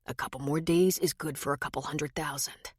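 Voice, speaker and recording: A woman voicing a smooth adult male con man who is charming, slick and teasing, then menacing. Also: low voice, steady tone, brisk, pitched below the performer's own voice. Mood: sly.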